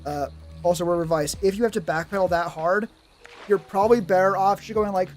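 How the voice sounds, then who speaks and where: High-voiced profane streamer. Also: male voice, fast talker, soft background music. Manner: profane, animated, rambling, reading chat. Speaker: streamer giving tabletop game advice. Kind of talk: casual live-stream chat.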